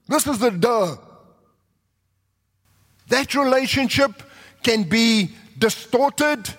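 A man preaching a sermon with animated delivery, acting out quotes and rising to shouts. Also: extremely high pitch, slow, long pauses. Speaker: pastor. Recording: long reverb of a large hall.

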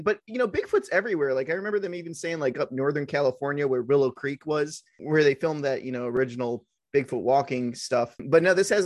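Dude cohosting a podcast, joking around, kinda high voice, dry mic. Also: male voice, no echo. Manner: laid-back, joking, halting. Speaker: podcast co-host. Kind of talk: casual chat.

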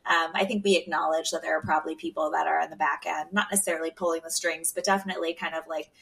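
A woman's voice: low voice, fairly even intonation, racing, creaky, fairly bright tone, far from the mic. A woman hosting an interview, affirming her guest and reflecting on what he shares. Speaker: podcast host. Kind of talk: interview conversation.

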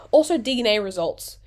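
A woman's voice: mid-range voice, breathy edge. A woman, hosting a casual solo podcast in a rambling, jokey, self-mocking way, sounding sick and tired. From Australia. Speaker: podcast host.

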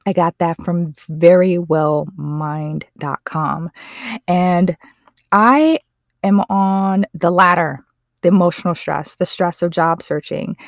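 A woman with a slightly low voice hosts her podcast in an earnest, heartfelt manner. She often stops to correct herself mid-sentence. The sound is dry and close. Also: vocal fry, no echo. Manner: earnest, emotional, self-correcting. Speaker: podcast host. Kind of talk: casual podcast monologue.

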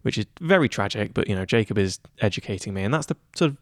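A young man in his twenties talking in a relaxed interview, chatty and self-deprecating with lots of fillers. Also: lowish voice, fast talker, dry recording, clean studio sound. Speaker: head of news at student radio. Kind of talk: casual interview chat.

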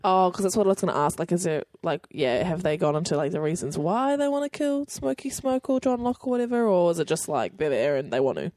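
A woman co-hosting a TV recap podcast in casual chat, animated and full of filler likes. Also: lowish voice, fast, few pauses, no room sound, clean studio sound. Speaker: podcast co-host.

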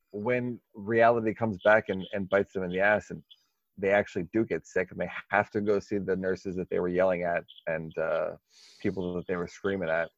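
A man's voice: lowish voice, dry recording, dull audio. A man co-hosting a podcast, talking casually with crude, sarcastic jokes and frequent laughs. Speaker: podcast co-host.

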